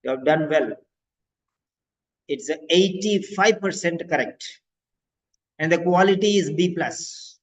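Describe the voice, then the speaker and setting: A man's voice: fairly high pitch, measured pace, pauses often. A male language teacher who encourages and corrects students' sentences during an online exam-prep class. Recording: dull lo-fi audio.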